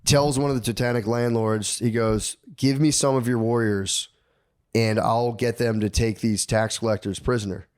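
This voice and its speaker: A man's voice: medium pitch, steady tone, normal speed, darkish tone, clean tone. A man on a podcast telling a history story in casual, profane slang, acting out the characters' lines.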